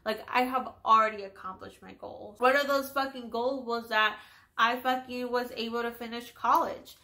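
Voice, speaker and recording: A woman's voice: on the high side, steady tone, moderate pace, sharp tone. A woman in her twenties telling a personal story in a casual vlog, candid and profane, with lots of "like". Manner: candid, profane, heavy use of "like". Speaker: vlogger.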